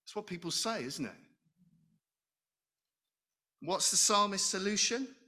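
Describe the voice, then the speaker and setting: A middle-aged man with a high-pitched, expressive voice, pushed and bright, preaches a sermon a little slowly. His style is conversational: he asks the congregation questions and jokes about himself.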